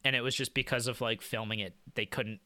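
A man's voice: medium pitch, steady tone, fairly quick, pushed and bright, no echo. A man in his thirties co-hosting a film podcast, casually explaining film trivia. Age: 30s. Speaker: podcast co-host.

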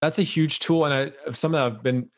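A man hosting a podcast, answering his guest in a quick, casual way. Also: on the high side. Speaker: podcast host. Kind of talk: conversational interview.

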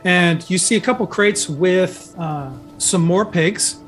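Game master guy, high voice, rambles with lots of ums, light music in the back. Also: slow pace, fairly bright tone. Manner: rambling, many fillers and restarts. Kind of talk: narrating a tabletop game.

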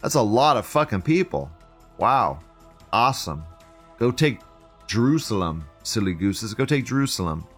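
A man's voice: fairly low pitch, sing-song, normal speed, a bit bright, breathy edge, soft background music. A man hosting a live show, reading chat aloud and ranting in a profane, sarcastic way. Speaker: livestream show host.

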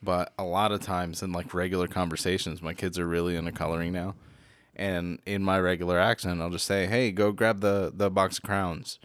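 A man's voice: sits low, little pitch movement, fairly quick, fairly bright tone, dry recording. A man co-hosting a podcast, chatting casually and crudely, joking and laughing often. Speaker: podcast co-host.

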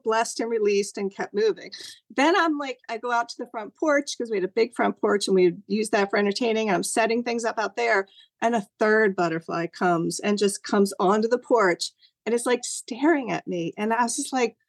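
A middle-aged woman recounts a personal story over a video call. She talks in a loose, animated way, and her voice jumps higher whenever she acts out something she once said. The sound is dry and close, with no room echo. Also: brisk. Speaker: guest sharing a personal story.

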